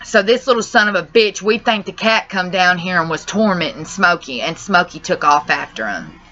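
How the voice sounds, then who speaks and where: Distressed and rambling, a young woman vlogger shares a family crisis with her channel, cussing at times and saying "y'all." Her lowish voice has a sharp tone at a moderate pace, and this emotional personal vlog has dull lo-fi audio.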